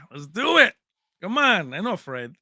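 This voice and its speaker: A man's voice: on the high side, very animated, slow, sharp tone, husky, dry recording, clean studio sound. A man hosting a tech livestream in a casual, chummy way, chatting with viewers and calling them baby. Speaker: tech channel host.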